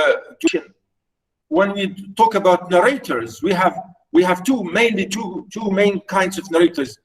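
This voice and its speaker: High-pitched male lecturer, off-mic. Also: far from the mic, rough recording. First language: Arabic. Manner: explanatory, repeats words, many fillers. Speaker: literature lecturer. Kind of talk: recorded lecture.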